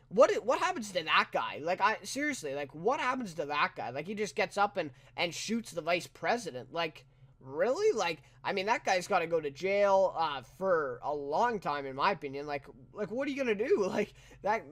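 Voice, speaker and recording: Man, high-pitched voice, casual TV episode review, rambling, filler-heavy, incredulous asides. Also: very animated, normal speed, a bit bright. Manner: rambling, full of "you know" and "right?".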